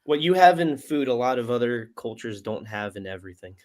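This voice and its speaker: A man's voice: mid-range voice, animated, brisk. A man co-hosting a casual sports talk show, speaking in an easygoing, hesitant way with many fillers.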